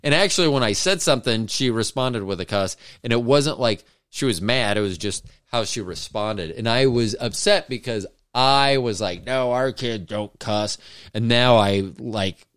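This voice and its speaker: A man's voice: mid-range voice, moderate pace, few pauses, fairly bright tone, clear, resonant tone, no room sound, studio quality. A middle-aged man co-hosting a podcast, chatting casually in a teasing, joking, swearing manner. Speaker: podcast co-host. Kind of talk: casual chat.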